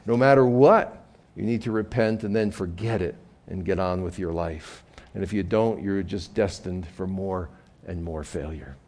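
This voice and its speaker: Male pastor preaching, chatty, kinda low and gravelly. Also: darkish tone. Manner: conversational, repeats words when restarting. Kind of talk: sermon.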